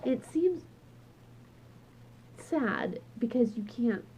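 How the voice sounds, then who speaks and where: Casting: crying woman vlogger, high husky voice, slow and halting, dull lo-fi home recording. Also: very animated, mellow, a little hiss or hum. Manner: tearful, upset and heartfelt, trailing off and restarting. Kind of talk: emotional personal vlog. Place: at home with her dog.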